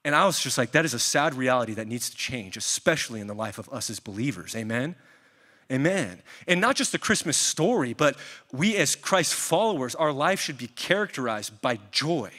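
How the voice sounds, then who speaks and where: A young adult man preaching a sermon as a pastor, telling lively stories and asking the audience questions. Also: mid-range voice, moderate pace, in a large hall. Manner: storytelling, animated, asks the audience questions.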